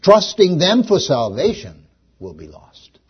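A man preaching a sermon as pastor, animated, swinging between loud emphasis and hushed questions. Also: sits high, measured pace, slightly rough, lo-fi sound.

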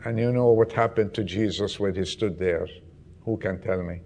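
A man preaching a sermon, swinging between loud questions to the congregation and hushed, almost whispered lines. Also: on the low side, moderate pace, vocal fry, a little hiss or hum.

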